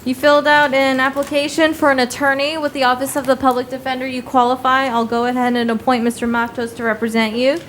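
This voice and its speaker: High voiced lady judge, brisk and formal, courtroom with faint hum. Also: flat delivery, fairly bright tone, rough recording. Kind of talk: court bond hearing. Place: courtroom with loud air vent.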